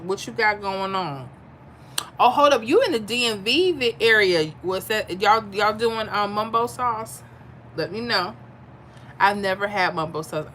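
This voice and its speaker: A woman chats with her viewers on a live stream, reading and answering their comments. She sounds tired but candid, and her voice sits slightly low. Faint room noise hums behind her. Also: a bit bright. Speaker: livestream host reading chat. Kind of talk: casual livestream chat.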